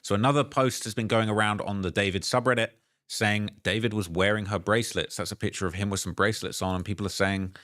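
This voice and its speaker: A man's voice: fairly low pitch, steady tone, fast, a bit bright, dry recording, studio quality. A man narrating a commentary video, reading messages and news aloud, hesitant with restarts.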